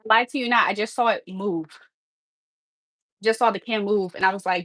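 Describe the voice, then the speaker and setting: A woman chatting casually on a livestream from her kitchen, calling her viewers "y'all" and laughing between thoughts. Her voice sits at an ordinary middle pitch and is recorded close and dry, with no room echo. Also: moderate pace, fairly bright tone. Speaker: livestream host. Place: home kitchen.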